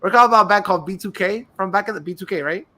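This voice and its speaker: A young man chats casually on a podcast, his voice high and bright. He tells stories in an animated way, laughs often and acts out the people he quotes. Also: rapid-fire. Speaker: podcast co-host. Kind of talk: casual chat.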